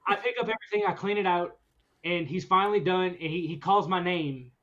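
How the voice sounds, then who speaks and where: A man hosting a podcast, telling a story in a casual chat, animated and often laughing as he goes. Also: high voice, brisk. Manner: animated, laughs through his own story. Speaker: podcast host. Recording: dull lo-fi recording.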